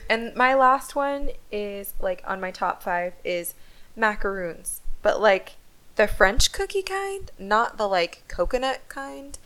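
A woman's voice: mid-range voice, animated, slow, a bit bright, rough recording. A woman co-hosting a casual chat, rambling with lots of fillers and self-corrections. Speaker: podcast co-host.

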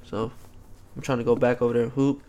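A young college athlete in casual chat, telling stories in a laid-back, slangy way with plenty of swearing. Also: male voice, medium pitch, level tone, quick pace, mellow, dull audio, slight background noise. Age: young adult.

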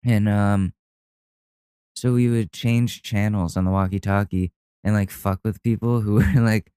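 Rambling young man, smooth low voice. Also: fairly even intonation, unhurried, dark tone, dry recording. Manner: rambling, with many fillers, restarts and casual swearing. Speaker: podcast host. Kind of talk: casual storytelling monologue. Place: at home with a cat nearby.

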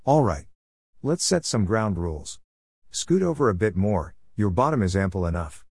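A man's voice: on the low side, very animated, moderate pace, gravelly, a little mellow, breathy edge, no room sound, clean studio sound, full character voice. A man voicing a scheming, boastful male affliction spirit who mocks and gloats in a storybook tale. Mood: gloating.

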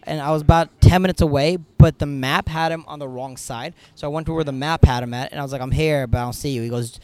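A man tells stories on a podcast at a rapid clip, swearing freely and keeping the energy up. His voice sits a little high, and his delivery stays animated and casual. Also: clean tone, no echo. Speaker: podcast guest, comedian. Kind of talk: casual storytelling.

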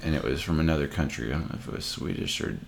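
Very deep gravelly man. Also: rapid-fire, slight background noise. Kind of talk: casual chat.

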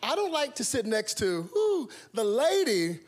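A man preaching a sermon, telling comic stories and swinging from soft talk to loud, sung-out phrases. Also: very high-pitched, sing-song, unhurried.

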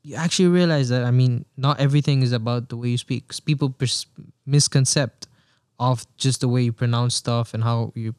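A man talking in a relaxed, rambling podcast chat, often restarting his sentences. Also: medium pitch, brisk, smooth, no echo, clean studio sound. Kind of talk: casual chat.

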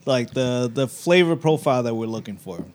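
A man's voice: medium pitch, expressive, a little fast, a little mellow. A man co-hosting a casual podcast, easygoing and laughing often. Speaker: podcast co-host. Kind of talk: casual chat.

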